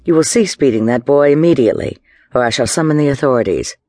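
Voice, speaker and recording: A man's voice: medium pitch, big pitch swings, normal speed, dry recording, clean studio sound. A man voicing a self-assured woman doctor with a German touch, speaking firmly and formally. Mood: commanding. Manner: firm, commanding and formal.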